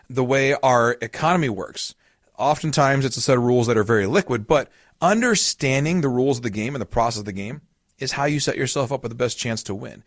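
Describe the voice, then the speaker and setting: A man's voice: mid-range voice, no room sound, clean studio sound. A man hosting a podcast as a retirement coach, explaining in a casual, storytelling way with everyday examples.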